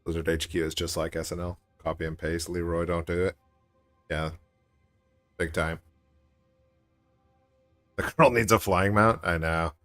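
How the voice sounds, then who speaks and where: A man's voice: low voice, steady tone, unhurried, long pauses, fairly bright tone, soft background music. A man streaming a game, chatting casually in a rambling way with joking asides. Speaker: gaming streamer. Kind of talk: casual chat while gaming.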